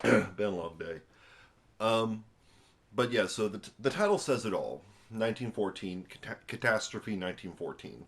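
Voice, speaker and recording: A young American man, tired after a long day, rambles casually at home indoors into a camera on a tripod while reviewing a book. His voice is on the low side, animated and gravelly, at a normal speed, and his talk is full of fillers and wry asides.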